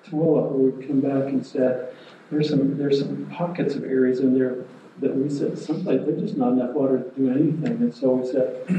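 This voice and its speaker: Man, public meeting official, measured and plain, flat delivery, echoey hall picked up from far away. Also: mid-range voice. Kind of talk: explaining policy at a public meeting. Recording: roomy, distant, muffled, faint noise.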